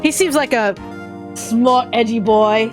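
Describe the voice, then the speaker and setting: A woman's voice: a little high, slow, faint music behind. A woman streaming a game, chatting casually, swearing and laughing. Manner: giggly, swears, excitable.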